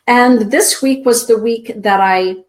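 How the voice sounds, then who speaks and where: A middle-aged woman hosting a spiritual show, giving card readings to listeners in a soft, slow, drawn-out inspirational way. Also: a little high, soft background music. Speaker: show host and card reader.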